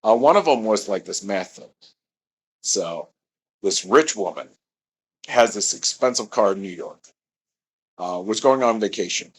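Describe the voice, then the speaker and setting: A man's voice: lowish voice, animated, unhurried, pauses often, breathy edge, rough recording. A man telling a meandering personal story, often correcting himself mid-sentence.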